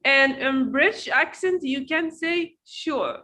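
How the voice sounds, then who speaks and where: A woman's voice: high voice, lively intonation, fairly bright tone. A woman with an Egyptian accent teaching English pronunciation in an online class, firm and corrective as she explains. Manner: switches between English and Arabic, quick explanations; insistent, corrective.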